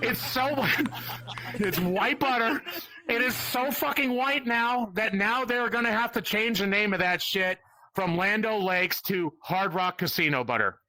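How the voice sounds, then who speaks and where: A man's voice: high-pitched, a little slow, pushed and bright, dry recording. A man doing a crude, rambling stand-up comedy set, often laughing at his own jokes. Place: virtual comedy club stage.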